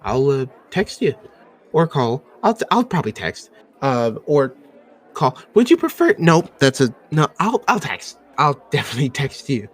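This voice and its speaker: A man's voice: mid-range voice, sing-song, moderate pace, pitched above the performer's own voice. A man voicing an awkward, nervous young man who stammers and hesitates. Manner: stammering, hesitant, many fillers.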